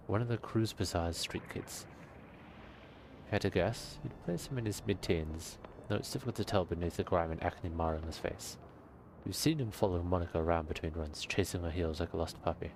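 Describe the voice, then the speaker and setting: A man's voice: low voice, background noise. A man casually narrating a role-playing video game and reading its text aloud. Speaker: game master and player.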